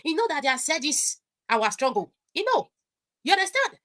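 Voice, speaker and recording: High, bright Nigerian woman, excitable. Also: moderate pace. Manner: excitable, switching into pidgin, frequent laughter. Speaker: guest commentator. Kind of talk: animated online discussion.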